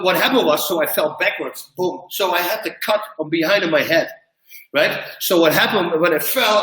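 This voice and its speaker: A man telling a long, funny personal story in an animated way, laughing as he goes and acting out what people said. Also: high-pitched. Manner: lively, laughs at his own story, acts out quotes. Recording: roomy, from a distance.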